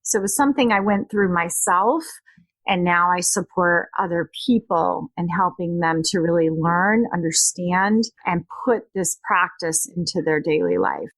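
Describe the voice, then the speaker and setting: A woman coach talks through her own story in a relaxed interview, with plenty of ups and downs in how she tells it. She slips into quoted lines with small bits of acting. The sound is dry and close, with no room echo. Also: on the low side, normal speed. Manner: animated storytelling, acts out quoted dialogue. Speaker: guest author and emotional detox coach.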